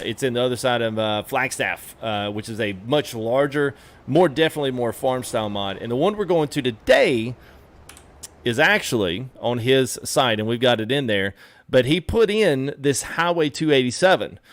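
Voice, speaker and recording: Chatty streamer full of fillers. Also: male voice, medium pitch. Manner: rambling with many fillers, greets chat excitedly. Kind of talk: casual live-stream commentary.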